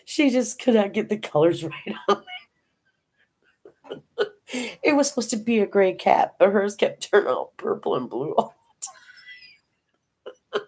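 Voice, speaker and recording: An older Minnesota woman, a diamond painting vlogger, chats casually with viewers about her craft hobby and tells homey, rambling family stories full of restarts. Her medium-pitched, darkish voice is animated, a little slow, and pauses often.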